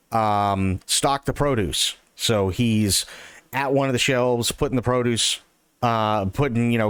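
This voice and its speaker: A man's voice: fairly low pitch, clean tone, no room sound. A man streaming live, chatting casually with his viewers, thanking them and telling a joke. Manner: chatty, thanks chat warmly. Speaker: livestreamer. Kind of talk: casual livestream chat.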